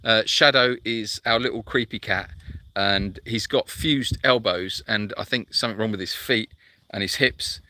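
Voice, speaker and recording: A man's voice: lowish voice, normal speed, pushed and bright. A man hosting a live sanctuary chat, reading out viewer comments and answering in a chatty, rambling way full of fillers.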